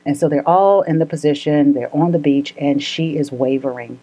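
A woman's voice: low voice, moderate pace, mellow, lo-fi sound. A woman co-hosting a casual podcast, telling a story earnestly and laughing often.

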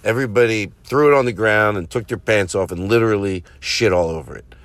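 A man's voice: lowish voice, fairly quick, a bit bright, no room sound. A man hosting a comedy podcast, talking in a rambling, profane, self-mocking monologue. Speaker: podcast host.

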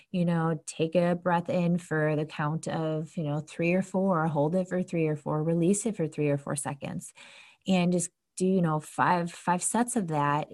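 A woman with a slightly low voice talks casually and earnestly about coping with stress. She chats along freely and slips into little acted-out lines of self-talk. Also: mellow. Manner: chatty, earnest, acts out inner voices. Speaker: podcast host giving self-help advice.

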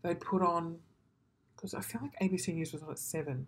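A woman's voice: fairly low pitch, fairly even intonation, a little fast, husky. A young Australian woman in casual chat, emotional and gushing, swearing freely. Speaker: vlogger reacting to old news clips.

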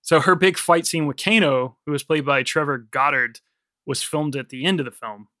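A man's voice: fairly high pitch, normal speed, sharp tone, no room sound, clean studio sound. A man co-hosting a film podcast, telling behind-the-scenes trivia in casual, swearing chat. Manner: swearing, laughs often, tells production trivia. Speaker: podcast co-host.

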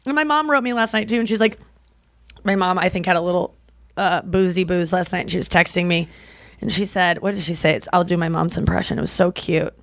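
A woman's voice: on the low side, a little fast, no room sound, clean studio sound. A young woman co-hosting a podcast, telling stories in a chatty, gushing way full of "like" fillers. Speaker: podcast co-host. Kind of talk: casual podcast chat.

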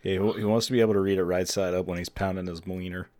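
A man hosting a comedy podcast, tossing out crude deadpan jokes in casual banter. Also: low-pitched, rapid-fire, no echo. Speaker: podcast host.

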